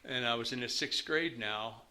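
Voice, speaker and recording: A man's voice: medium pitch, moderate pace, sharp tone. A man in his fifties from the United States, telling his personal recovery story to a meeting in a candid, rambling way.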